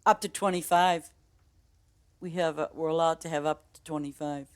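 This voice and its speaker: Low-voiced Boston woman, rambling chat. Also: fairly even intonation, moderate pace, clean tone. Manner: rambling, chatty, laughs easily. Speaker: game streamer. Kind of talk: casual chat with stream viewers.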